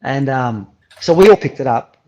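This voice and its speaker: Middle-aged man, lively storyteller with salty language, muffled remote-call audio. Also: mid-range voice, normal speed. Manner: animated storyteller, swears freely. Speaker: guest. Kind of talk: casual interview over a call.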